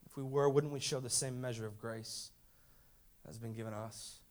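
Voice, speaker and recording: A man in his thirties preaching a sermon, moving between hushed, quiet asides and loud, emphatic lines, firing rhetorical questions at the congregation. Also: medium pitch, steady tone, normal speed. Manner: dramatic swings from hushed to loud. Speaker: pastor.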